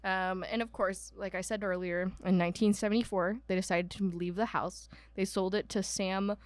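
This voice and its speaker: A woman's voice: medium pitch, fairly even intonation, moderate pace, no room sound. A woman from Ohio co-hosting a podcast, telling a ghost story in casual chat with lots of ums. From Ohio, United States. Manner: chatty, many ums, laughs at herself. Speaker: podcast co-host.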